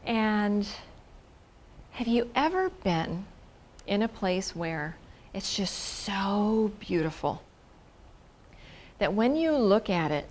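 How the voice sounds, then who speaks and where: A woman telling a personal story in an expressive, effusive way, repeating words for emphasis and now and then dropping into a whisper. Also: mid-range voice, slow pace, pauses often.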